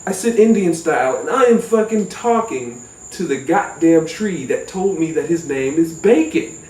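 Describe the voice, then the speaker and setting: Animated, profane man telling a story. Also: fairly high pitch, moderate pace, distant mic. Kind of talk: comic personal storytelling. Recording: roomy echo, off-mic.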